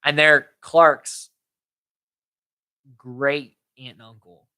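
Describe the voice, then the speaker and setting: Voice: mid-range voice, fairly even intonation, drawn-out words, pushed and bright, smooth. A co-host casually retelling movie scenes on a podcast, slipping into quoted character voices. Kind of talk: casual movie recap chat.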